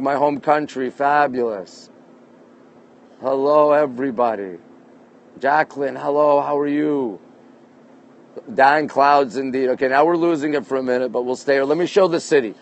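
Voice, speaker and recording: Chatty man live-streaming from a rooftop. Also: fairly high pitch. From Canada. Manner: chatty, greets viewers by name, upbeat. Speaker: livestream host. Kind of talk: live-stream chat reading viewer comments. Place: rooftop deck outdoors at night. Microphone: phone held in hand.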